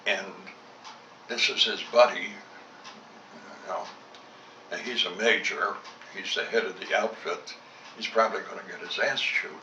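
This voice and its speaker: An older man who once flew fighters tells blunt, salty war stories, voicing both sides of old conversations. His voice sits low with fairly even intonation, a little slow with long pauses. The home tape recording is roomy, dull, distant, and noisy in the background.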